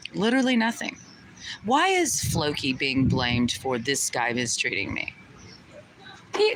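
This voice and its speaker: In a rough recording with heavy vehicle noise behind her, a young woman speaks in a low pitch to her livestream chat. She's outraged and profane, asking the same rhetorical questions again and again.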